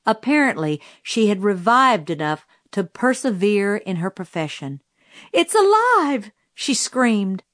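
A woman's voice: mid-range voice, no room sound. Woman narrating a story, dry close sound. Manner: measured storytelling. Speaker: audiobook narrator. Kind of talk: scripted narration.

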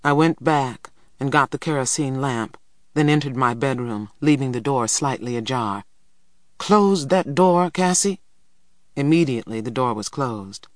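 A man's voice: mid-range voice, normal speed, no room sound. Man narrating a storybook, dry close sound. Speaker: audiobook narrator. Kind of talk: scripted first-person narration.

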